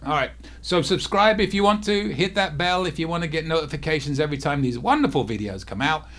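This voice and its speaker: A man with a slightly high voice gives cruise tips to camera from home. He keeps it soft because his face hurts to move, and he keeps breaking off to deal with a cat that will not settle. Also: brisk. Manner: talks softly, easily distracted by a restless cat. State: sore face, sore to talk. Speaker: cruise vlog host. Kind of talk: casual to-camera vlog.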